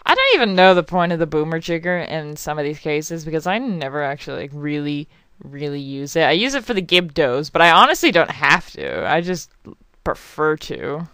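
A woman's voice: low voice, very animated, normal speed, a bit bright, clear, resonant tone, dry recording. A young woman rambling and swearing through casual let's play commentary as a game channel host, apologizing often.

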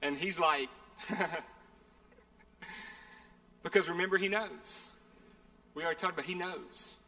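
A man's voice: on the high side, measured pace, pushed and bright. A man preaching a sermon, earnest and conversational, often repeating phrases. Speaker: pastor. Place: church sanctuary. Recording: long hall reverb.

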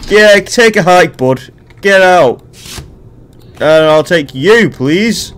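A man's voice: high voice, animated, slow pace, fairly bright tone. A young man commenting on a horror game with jokes, reading the on-screen text aloud and riffing on it. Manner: jokey, playful, reads game text aloud and riffs on it. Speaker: gaming YouTuber.

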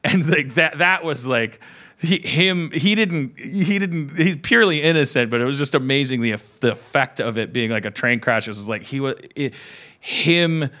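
A man's voice: medium pitch, animated, normal speed, bright, forceful tone. A man hosting a podcast in casual comedic chat, rambling with lots of fillers and frequent laughter. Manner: rambling, full of fillers and restarts, laughing often. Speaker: podcast host.

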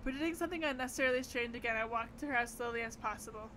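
A woman's voice: on the high side, very fast, few pauses, pushed and bright, slight background noise. A woman streamer reading a visual novel aloud in a casual, giggly way. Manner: casual, giggly, reacts between lines. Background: game music.

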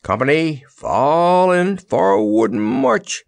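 A man voicing a brisk, commanding soldier in a storybook reading. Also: mid-range voice, very animated, creaky, darkish tone, voice pushed up, exaggerated voice. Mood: commanding urgent.

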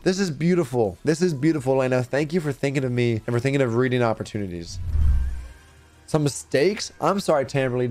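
A young man talks straight to his stream audience at a desk mic. His voice sits at an ordinary middle pitch and bursts into excited exclamations, with faint background music underneath. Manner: enthusiastic, exclaiming, talks to chat. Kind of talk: excited unboxing and gaming stream chat.

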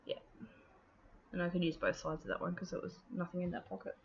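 A woman's voice: lowish voice, fairly quick. A woman talks casually through her craft process in an easy, rambling way, full of ums and half-finished thoughts. The recording sounds a bit dull and lo-fi, with a faint hiss underneath. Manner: chatty, relaxed, many ums and trailing thoughts. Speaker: scrapbooking video host.

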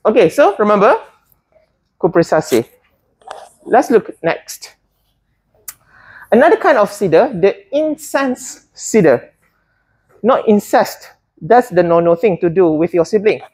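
A woman's voice: mid-range voice, sing-song, measured pace, long pauses, a little mellow, husky. A woman teaching a botany class, often hesitating and putting questions to her students. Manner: hesitant, many fillers and restarts, asks students questions.

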